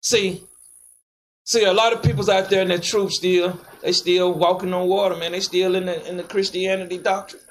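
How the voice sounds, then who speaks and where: A man preaching, commanding his reader to read on and firing back sharp questions. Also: high voice, level tone, moderate pace, a little hiss or hum, low-quality recording. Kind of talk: street preaching with scripture reading.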